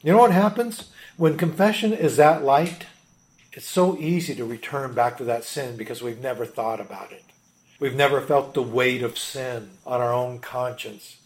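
A man preaching a sermon as a pastor, emphatic, swinging between loud urgency and hushed intensity. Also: mid-range voice, moderate pace.

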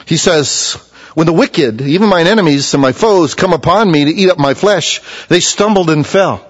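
A middle-aged male pastor preaching a sermon, telling folksy stories and swinging from hushed, low passages to loud, emphatic ones. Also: normal speed, slightly rough. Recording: dull lo-fi recording.

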